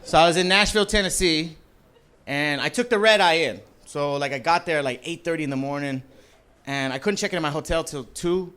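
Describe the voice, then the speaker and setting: A man performing a live stand-up comedy set in a club, loose and profane, rambling with lots of fillers and shouting mock voices of angry people. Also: a little high, fairly quick, clear, resonant tone. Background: audience laughter.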